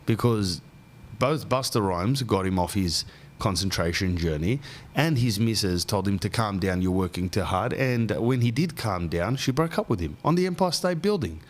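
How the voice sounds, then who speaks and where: Male podcast host, lowish voice, loose and slangy, a rambling storyteller. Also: lively intonation, normal speed. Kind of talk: casual chat.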